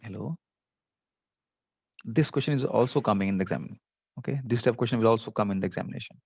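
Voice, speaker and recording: A man's voice: on the low side, fast talker, gravelly, slightly rough, no room sound. A male lecturer reviewing topics for an exam in an online class, talking hesitantly with many fillers. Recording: dull dry lo-fi mic.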